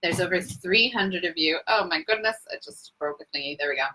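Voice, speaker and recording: A woman's voice: fairly low pitch, a little fast, pushed and bright, a little hiss or hum, poor audio. A young adult woman hosting a live Q&A as a coach, talking in an effusive, spiritual way and laughing easily. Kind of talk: casual live-stream talk.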